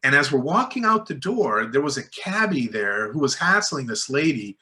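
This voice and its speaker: A man's voice: mid-range voice, sing-song, normal speed, bright, forceful tone. A man, a filmmaker guest, tells rambling anecdotes full of fillers and restarts, acting out other people's lines in a raised voice. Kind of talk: casual storytelling in a podcast interview.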